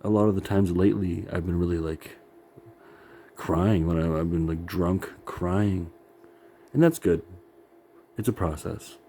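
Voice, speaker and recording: Tired middle-aged guy talking to himself, low dark voice, lots of cussing and little laughs. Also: measured pace, long pauses, a little hiss or hum. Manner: profane, self-critical, laughs often. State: worn out. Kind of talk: rambling self-talk monologue.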